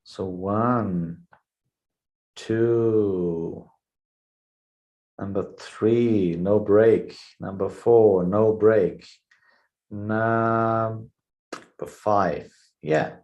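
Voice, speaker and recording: A man's voice: on the low side, extremely slow, long pauses, highs cut off. A man hosting a live trading webinar, thinking aloud over charts with frequent "yeah" fillers. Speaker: trading show host.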